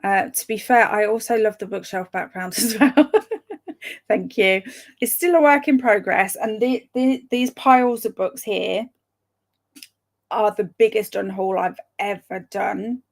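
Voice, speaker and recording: A woman chatting casually with live viewers, reading out their comments, chatty and excitable, with a gravelly voice. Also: mid-range voice, a little slow. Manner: chatty and excitable, breaks into laughs and sudden whispers. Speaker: streamer reading live chat.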